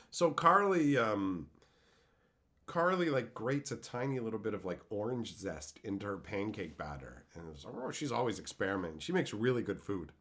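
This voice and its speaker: A young man live-streaming, answering his chat with profane, mocking rants. His pitch sits in a plain middle range, and he keeps breaking into laughter at his own crude jokes. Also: very animated, normal speed, fairly bright tone.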